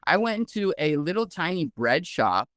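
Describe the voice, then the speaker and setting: Smooth-voiced man telling a story. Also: fairly high pitch, normal speed, no echo, studio quality. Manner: animated, heavy use of "like". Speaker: guest researcher. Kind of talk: casual storytelling.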